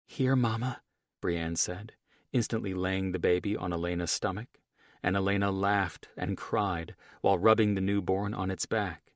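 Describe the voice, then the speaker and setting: A male audiobook narrator reading in first person with a wry, profane, lively storytelling manner. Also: sits low, moderate pace, no echo, studio quality.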